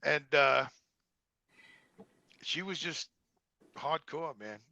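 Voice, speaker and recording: Brief: middle-aged New York guy, gravelly and bright, high-pitched, salty storyteller. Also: extremely slow, no echo, dull audio. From Brooklyn, New York. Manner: profane, animated storyteller. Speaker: guest. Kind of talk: casual storytelling.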